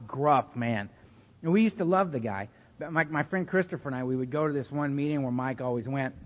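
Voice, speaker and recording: A man speaking at a recovery meeting, telling his story in an animated, self-mocking way. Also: mid-range voice. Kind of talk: storytelling talk to a live meeting. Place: meeting hall. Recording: echoey hall, dull lo-fi sound.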